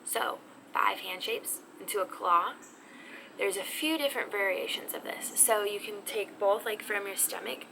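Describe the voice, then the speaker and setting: A woman teaching a casual video lesson on sign language, talking in an animated, expressive, chatty way. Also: mid-range voice, normal speed, gravelly. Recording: noisy background.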